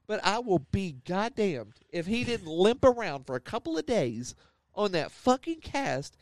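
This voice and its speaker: A young man with a fairly high voice that swings widely as he tells a story over casual chat. He swears freely and acts out the people in his story. The recording is dry and close. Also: big pitch swings, unhurried, dry recording. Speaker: podcast host.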